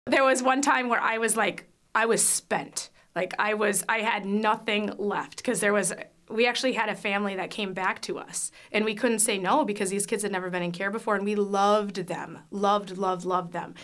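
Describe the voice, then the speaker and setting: A woman's voice: medium pitch, fairly even intonation, normal speed, few pauses, fairly bright tone. A woman speaking as a foster parent in a personal faith testimony. She talks openly and with feeling, stumbling through fillers and restarts as she remembers. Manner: candid, emotional, with frequent fillers and restarts.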